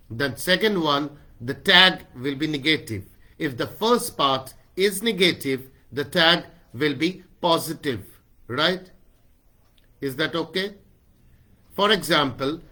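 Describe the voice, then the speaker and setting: A man's voice: a little high, bright, forceful tone. A man teaching grammar in an online class over a video call, mixing in Hindi and often checking "right?". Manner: mixes Hindi into English, keeps asking "right?". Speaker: English teacher.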